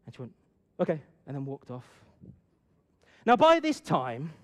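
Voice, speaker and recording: A middle-aged man telling a personal story to an audience and drawing a lesson from it, swinging from loud bursts to hushed asides. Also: mid-range voice, huge pitch swings, a little slow. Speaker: speaker addressing an audience. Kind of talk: storytelling talk with a moral.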